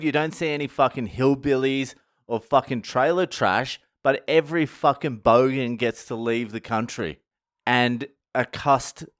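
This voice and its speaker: An Australian man tells a story in a loose, profanity-laden vlog rant, often laughing at himself. His voice is smooth and resonant at a middling pitch. The recording is close and dry, with almost no room sound. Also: dry recording. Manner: sweary, animated, laughing at himself. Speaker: vlogger. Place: indoors, at home.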